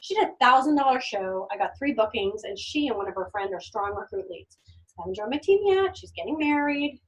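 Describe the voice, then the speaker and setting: A high-voiced woman gives an energetic, brisk sales training talk as a direct sales trainer, picked up by a distant mic. She acts out customer dialogues and repeats phrases for emphasis.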